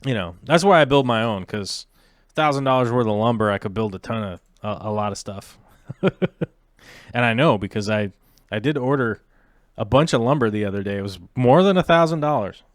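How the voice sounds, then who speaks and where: A man's voice: medium pitch, a little fast, no echo, studio quality. A man hosting a casual aquarium livestream, chatting loosely with many fillers and restarts.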